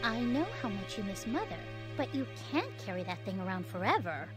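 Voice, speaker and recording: A woman voicing a gentle, polite young woman in a video game, speaking softly and earnestly. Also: mid-range voice, sing-song, brisk, music in the background, lightly acted.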